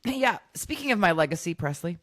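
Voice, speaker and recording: Thirties woman, podcast co-host; lively, low-voiced storyteller who acts out every line and swears freely. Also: brisk. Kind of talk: casual chat.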